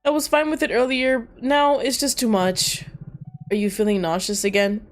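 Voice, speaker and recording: A woman streamer reading a story game aloud and reacting to it, swearing casually and breaking into loud laughs. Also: a little high, steady tone, normal speed, soft background music.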